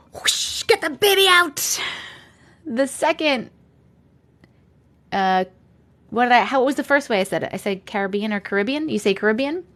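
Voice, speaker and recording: A woman's voice: fairly high pitch, fairly bright tone. A young woman hosting a livestream, chatting casually and greeting viewers by name with frequent giggles. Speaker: host reading viewer comments on a livestream.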